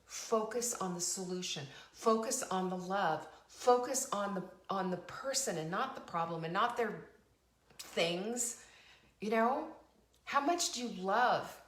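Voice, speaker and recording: A woman's voice: medium pitch, unhurried, fairly bright tone, reverberant. A middle-aged woman hosting a live motivational talk, emphatic and preachy, repeating phrases and asking her audience questions. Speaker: show host.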